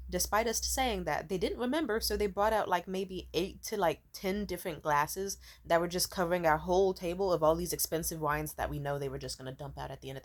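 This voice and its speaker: A woman telling a story in a casual, ranting way, sarcastic and profane, full of filler words. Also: on the low side. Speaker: vlogger.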